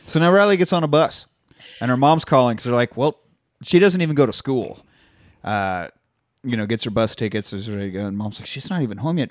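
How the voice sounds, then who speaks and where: A man's voice: no echo, studio quality. A man in his thirties casually recapping a film, swearing freely and acting out the characters. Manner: animated storyteller, swears freely, acts out characters in high voices. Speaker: podcast co-host.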